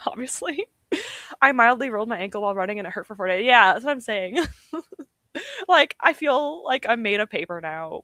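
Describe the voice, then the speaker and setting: A woman's voice: mid-range voice, fairly bright tone, dry recording. A young woman streamer chatting casually and giggling often, poking fun at herself. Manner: chatty, giggly, self-deprecating. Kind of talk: casual livestream chat.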